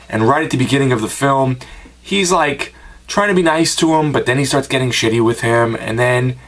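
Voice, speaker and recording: A man's voice: medium pitch, fairly bright tone. An American man giving a casual, rambling home-video review with personal asides. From United States. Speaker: film reviewer and collector.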